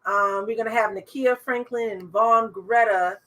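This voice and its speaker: A woman's voice: fairly high pitch, steady tone, moderate pace, fairly bright tone. A woman co-hosting a comedy podcast in casual chat, who laughs easily and announces the guests. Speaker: podcast co-host.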